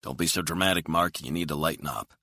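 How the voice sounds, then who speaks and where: A man voicing a cool, controlled hired killer who speaks calmly and quietly threatens, in a deep voice. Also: fast talker, no room sound, studio quality, full character voice. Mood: cold.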